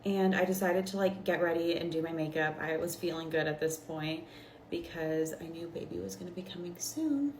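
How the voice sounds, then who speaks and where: A woman's voice: on the low side, normal speed. A young woman vlogger telling a casual storytime while doing her makeup, chatty and full of fillers. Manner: chatty, filler-heavy, animated retelling. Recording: roomy with faint background noise.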